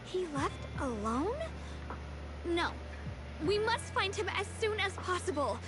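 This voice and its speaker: A woman's voice: extremely high pitch, sing-song, measured pace, heavily acted. An actress playing a determined, loyal young swordswoman who speaks earnestly. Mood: worried. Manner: earnest, resolute. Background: game music.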